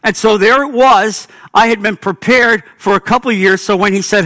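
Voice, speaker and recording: A man's voice: high voice, steady tone, normal speed, few pauses, sharp tone. A middle-aged man preaching a sermon, telling stories in an earnest, emphatic way. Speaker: pastor.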